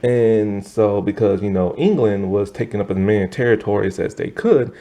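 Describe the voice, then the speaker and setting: A young man casually recapping and reviewing a TV episode, rambling with lots of fillers and animated asides. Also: lowish voice, moderate pace. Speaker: TV review host.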